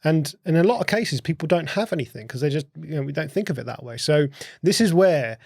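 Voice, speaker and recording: Male co-host, gravelly tone, dry close mic, loose explanatory chat with restarts. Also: a little high, lively intonation, a little fast, a little mellow, no room sound. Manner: repeats and restarts words, asks questions. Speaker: podcast co-host. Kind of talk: casual conversational explanation.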